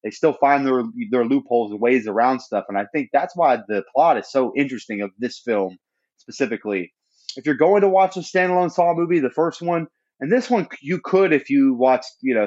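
A man's voice: mid-range voice, a little mellow. Easygoing man, slightly muffled audio. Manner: easygoing, thinking aloud with fillers. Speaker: podcast co-host. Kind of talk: casual movie review chat.

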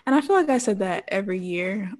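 A woman in her thirties telling a personal story as an interview guest, animated, laughing often and acting out quotes. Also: medium pitch, fast. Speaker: interview guest, former pro cheerleader.

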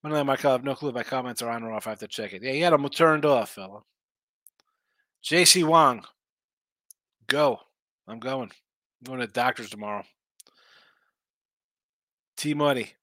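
Tired, rambling man with a bright, dry voice. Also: mid-range voice, moderate pace, long pauses, no room sound. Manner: laid-back, rambling, slangy, reads chat aloud. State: tired, yawning, injured arm. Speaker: sports betting show host. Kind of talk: casual live-stream chat reading viewer comments.

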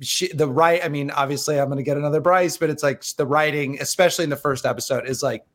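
Joking podcast co-host man, a bit high. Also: fairly even intonation, fast. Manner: chatty, joking, lots of restarts and laughs. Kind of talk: casual chat.

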